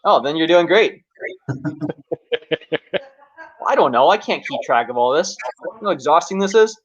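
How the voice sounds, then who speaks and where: A Canadian man hosting a pool tournament livestream, relaxed and joking, with many fillers. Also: fairly high pitch, fast, breathy edge, dry recording, highs cut off. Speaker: tournament host. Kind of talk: livestream commentary.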